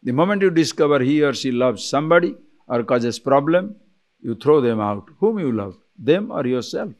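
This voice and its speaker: A man, a spiritual teacher giving an animated lecture on scripture, full of rhetorical questions and chuckles. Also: medium pitch, moderate pace.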